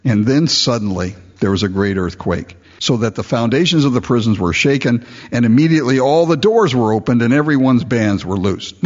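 A man preaching a sermon, explaining the text with animated asides and mocking voices. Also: medium pitch, husky. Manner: lively expository preaching with mock voices and asides. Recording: dull lo-fi recording.

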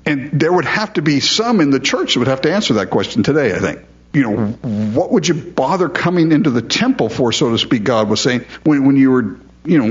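A man preaching a sermon to his congregation. He talks in a relaxed, conversational way, often repeating short phrases for emphasis. His voice sits in a middle pitch, and the recording sounds a little dull and lo-fi. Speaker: pastor.

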